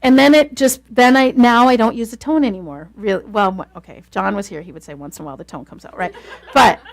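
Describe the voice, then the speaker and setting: A woman leading a class on marriage communication, talking fast and telling stories in a lively, casual way. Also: fairly high pitch, gravelly. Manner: fast-talking, animated storytelling.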